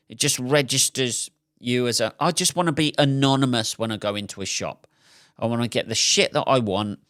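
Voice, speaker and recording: A man's voice: mid-range voice, pushed and bright, no room sound, studio quality. A man hosting a solo podcast, telling an exasperated, sweary comic story. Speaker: podcast host. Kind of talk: solo comedic rant.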